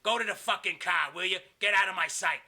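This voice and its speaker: A man's voice: sits high, fast, sharp tone, voice pushed up, exaggerated voice. A man voicing a cruel, menacing wrestling villain who snarls profane threats and laughs mockingly. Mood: barking.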